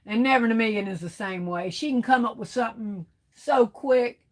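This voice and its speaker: A woman's voice: fairly high pitch, brisk. Chatty woman reading live comments. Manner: chatty, laughs often, calls viewers baby and girl. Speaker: livestream host. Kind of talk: casual livestream chat reading viewer comments.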